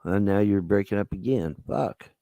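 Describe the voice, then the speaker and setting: A man's voice: on the low side, moderate pace, gravelly, warm tone, no echo. A man live-streaming, ranting angrily and profanely with threats. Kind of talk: heated live-stream rant.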